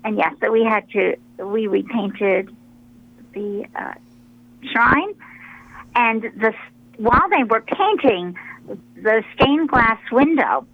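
A woman, a religious sister, telling stories in a relaxed radio interview, pausing often with fillers as she rambles along. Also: on the high side, muffled recording. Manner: rambling, warm storytelling with many pauses and fillers.

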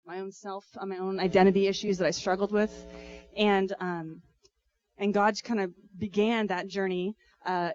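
A woman's voice: mid-range voice, lo-fi sound. A woman speaker at a conference giving an emotional, exhorting testimony that moves into prayer. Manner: emotional, exhorting, loud bursts; breaks into prayer. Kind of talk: preaching testimony.

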